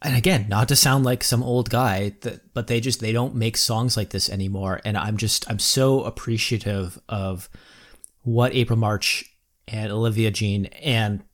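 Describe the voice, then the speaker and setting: Enthusiastic man with a lower voice. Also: steady tone, normal speed. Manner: enthusiastic, rambling, with restarts. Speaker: music show co-host. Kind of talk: casual music review chat.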